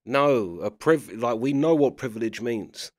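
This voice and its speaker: A man's voice: medium pitch, lively intonation, measured pace, no room sound, clean studio sound. A man giving casual commentary while reacting to clips, chatty and always checking you follow him. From England. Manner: chatty, keeps asking "do you know what I mean".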